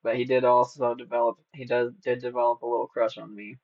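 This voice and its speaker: A man's voice: medium pitch, monotone, fast talker, no room sound. A man chatting on a live stream, playful and teasing, prone to giggles. His voice sits in a middle range, and the recording has a slightly dull, lo-fi quality. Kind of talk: casual live-stream chat.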